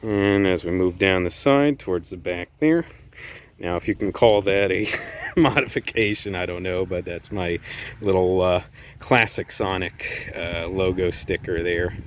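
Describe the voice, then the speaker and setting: A man giving a casual walkaround review of his own car, relaxed and enthusiastic, often doubling words. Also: sits low, unhurried, poor audio. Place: outdoors beside a parked car.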